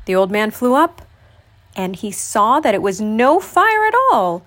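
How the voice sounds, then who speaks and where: A woman reading a children's picture book aloud, with an expressive storytelling delivery. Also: medium pitch, measured pace.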